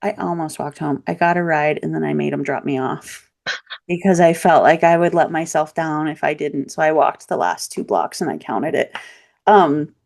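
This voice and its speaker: Low-voiced woman telling her story. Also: normal speed, gravelly. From Michiana region, US Midwest. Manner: lively, animated storytelling with laughs and voiced quotes. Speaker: podcast guest, local practitioner. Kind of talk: candid storytelling interview.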